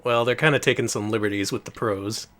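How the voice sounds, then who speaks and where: A man hosting a retro game stream, joking and commenting in a casual, animated way. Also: lowish voice, fast. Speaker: streamer host.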